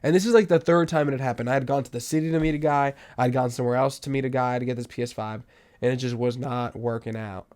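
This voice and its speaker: Animated young New man telling stories. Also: quick pace. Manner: animated, swings from loud outbursts to low mutters. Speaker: podcast host. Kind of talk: casual storytelling monologue.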